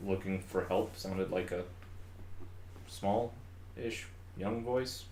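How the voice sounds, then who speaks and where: A man with a fairly low voice plays his character at the table, upbeat and a bit stammery. The sound is echoey, with a faint hiss behind him. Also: steady tone, slow, a little mellow. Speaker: player. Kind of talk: tabletop role-play. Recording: echoey room.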